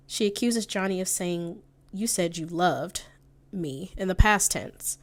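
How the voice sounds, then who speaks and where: A woman therapist talks through recorded clips in a conversational commentary. Her voice sits a little on the low side, and she quotes lines and calls out timestamps as she goes. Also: unhurried. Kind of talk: commentary analyzing audio clips.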